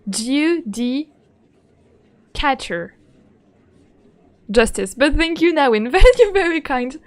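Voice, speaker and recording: A woman's voice: sits high, lively intonation, slow. A woman streaming a game in casual, playful chat, speaking English as a second language and giggling often as she greets her viewers.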